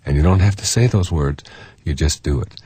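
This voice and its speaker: A man with a deep, slightly husky voice talks earnestly to his listeners, circling back over his points with fillers and repeats. The recording is dry and close, with no room sound. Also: animated, brisk, warm tone, dry recording. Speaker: self-help speaker. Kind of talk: recorded self-help talk.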